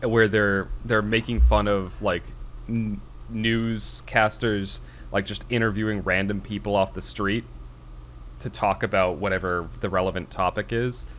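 A man co-hosting a podcast in casual chat, telling comedy sketches in an animated way. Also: fairly low pitch, a little slow, a little hiss or hum. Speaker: podcast co-host.

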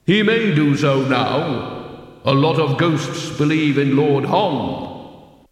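A man voicing Death, a solemn and unhurried male reaper who speaks slowly and with weight. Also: a little high, lively intonation, heavy reverb, in a large hall. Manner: slow, measured, weighty.

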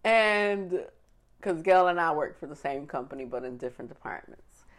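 A woman in casual conversation, expressive and quick to laugh. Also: low-pitched. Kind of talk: casual chat.

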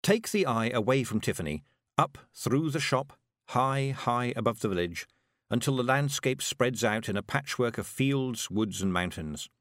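Male audiobook reader, lively expressive pitch, dry close mic. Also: dry recording. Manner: expressive, measured storytelling. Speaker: audiobook narrator. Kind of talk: audiobook narration.

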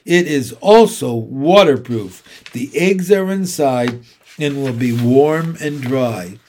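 Storybook read-aloud: man voicing a weak, weary, wise lady spider, calm and patient. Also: mid-range voice, takes it slowly. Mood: gentle. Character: wise, gentle female spider, tired and sad.

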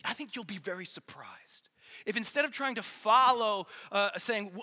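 A man preaching an earnest, energetic youth sermon, repeating phrases for emphasis, in a large church hall. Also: high voice, normal speed. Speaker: youth pastor. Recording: long hall reverb.

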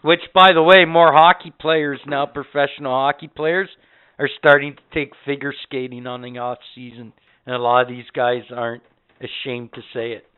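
A man's voice: medium pitch, steady tone, normal speed, smooth. A man telling rambling, profane stories as a podcast co-host in casual chat. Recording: tinny phone-like audio.

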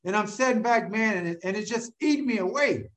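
A man telling his own recovery story to an audience in an animated way. He keeps asking rhetorical questions and calls out to listeners by name. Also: high-pitched, fairly quick. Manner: addresses listeners directly by name. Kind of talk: storytelling talk to a live audience.

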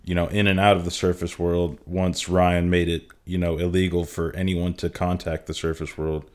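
Casting: low-pitched man, easygoing podcast co-host, relaxed and profane. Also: moderate pace. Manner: laid-back, profane, explaining calmly. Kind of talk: casual chat.

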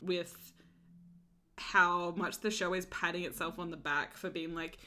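A woman's voice: fairly low pitch, unhurried. Woman co-host, casual chat, laughs often, filler-heavy delivery. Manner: animated, laughing, lots of fillers. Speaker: podcast co-host. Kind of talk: casual fan podcast chat.

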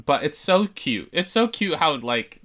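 Woman, very low pitch, lively intonation, bright, blunt teasing chat. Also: measured pace. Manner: blunt, teasing, swears casually. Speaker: podcast co-host. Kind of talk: casual chat.

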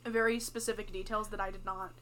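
A woman's voice: medium pitch, level tone, fast talker, bright, forceful tone, slight background noise. A teenage girl co-hosting a podcast, chatting casually with giggly, playful reactions. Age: teens. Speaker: podcast co-host. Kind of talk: casual chat.

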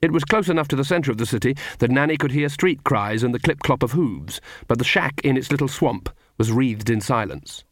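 Give me a man narrating an audiobook, measured and dry, mid-pitched. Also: expressive, dry recording. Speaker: audiobook reader. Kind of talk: scripted narration.

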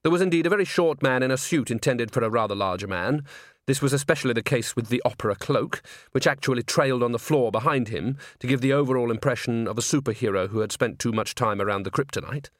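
A man narrating a comic fantasy audiobook in a measured, even storytelling manner. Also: mid-range voice, no echo, studio quality. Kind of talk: scripted narration.

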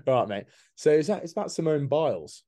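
A man's voice: fairly high pitch, mellow. A man co-hosting a casual podcast, reading out quiz questions and teasing with frequent laughs. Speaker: podcast co-host, quizmaster. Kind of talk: casual banter.

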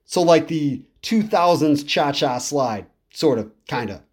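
A man's voice: a little high, expressive, measured pace, slightly rough. A man with a slightly raised voice talks casually as a podcast host. He rambles with enthusiasm and repeats words for emphasis, as in an easygoing music review monologue.

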